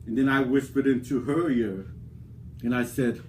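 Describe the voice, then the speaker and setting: A man delivering a theatrical wrestling promo in a boastful, drawn-out, dramatic way. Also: medium pitch, a little mellow, slight background noise.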